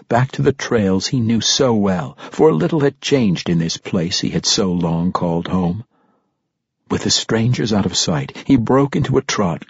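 A man reading a fantasy audiobook in a measured, dramatic storytelling manner. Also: medium pitch, darkish tone, husky, no room sound, dull audio. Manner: measured, dramatic storytelling that lifts for tense moments. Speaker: audiobook narrator. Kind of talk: scripted fantasy audiobook narration.

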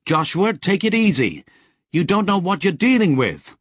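A man's voice: sits high, big pitch swings, moderate pace, slightly rough, no room sound, studio quality, pitched above the performer's own voice, heavily acted. A man voicing a blunt, impatient woman who snaps and growls her words. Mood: exasperated. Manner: snappish, growling.

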